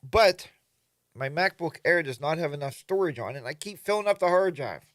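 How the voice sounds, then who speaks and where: A man's voice: on the high side, lively intonation, brisk, a bit bright, no echo. A man hosting a casual morning livestream from his home studio, greeting viewers by name and rambling along with plenty of fillers. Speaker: livestream host.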